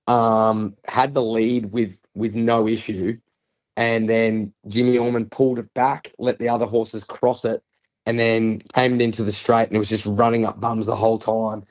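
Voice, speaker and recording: A man's voice: mid-range voice, a little mellow, muffled recording. An Australian man co-hosting a casual racing tips podcast, working through form lines at length with fillers and restarts. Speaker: racing tipster co-host.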